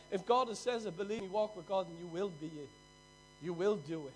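An Irish man preaching a sermon, telling stories and swinging between loud bursts and hushed drops. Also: sits high, fairly quick, a little hiss or hum, low-quality recording. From Ireland.

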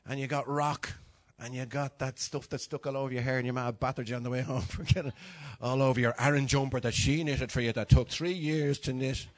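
A man's voice: mid-range voice, steady tone, a little fast, hardly any pauses. An older man with a Dublin Irish accent, preaching an informal sermon in a church hall, chatty and self-mocking, acting out little dialogues. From Dublin, Ireland. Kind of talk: informal sermon with humorous stories.

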